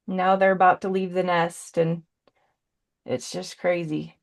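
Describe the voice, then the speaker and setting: Chatty woman, slightly low voice. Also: steady tone, unhurried, vocal fry. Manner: chatty and warm, rambling with punny asides. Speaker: brand ambassador demonstrating paints. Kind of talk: live painting demo with casual chat. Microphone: video call.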